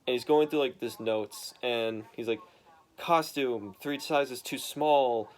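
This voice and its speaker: A man's voice: mid-range voice, slow. A man casually recapping a comic book story, rambling with lots of fillers and swearing.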